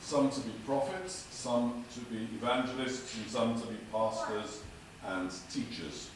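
A man preaching a sermon with jokes, delivered in a lively, dramatic way in a church. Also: measured pace. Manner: lively, dramatic delivery with big pitch swings. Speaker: guest preacher. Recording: echoey church from far off with noise.

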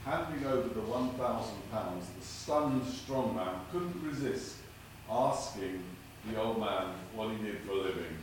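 A man's voice: unhurried, hardly any pauses. Guy preaching w/ jokes, bouncy delivery, big echo, hissy background. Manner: lively, dramatic delivery with big pitch swings. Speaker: guest preacher. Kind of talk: sermon with jokes. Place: church. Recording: echoey church from far off with noise.

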